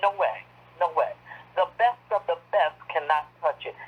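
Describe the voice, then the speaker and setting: A woman calling in to a radio show as the author's mentor, excited and preacher-like, swinging from shouts to low murmurs. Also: moderate pace, slightly rough, phone-quality sound. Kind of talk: radio call-in praise.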